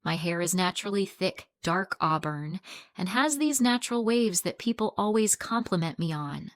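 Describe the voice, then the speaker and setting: A woman's voice: lowish voice, lively intonation, normal speed, no room sound, clean studio sound. A young woman in her twenties reading a first-person story aloud, earnest and confiding. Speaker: story narrator.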